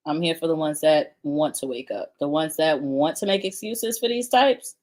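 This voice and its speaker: Lower-pitched woman, cussing and sarcastic, reacting to a clip. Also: moderate pace, a little mellow. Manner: blunt, profane, sarcastic. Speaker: commentary host. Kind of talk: reaction commentary.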